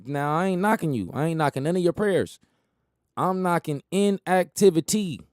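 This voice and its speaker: A man's voice: on the high side, moderate pace, a little mellow, dry recording, studio quality. Emphatic man riffing on talk radio. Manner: rambling, emphatic, repeats phrases, laughs at his own jokes. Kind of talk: casual monologue.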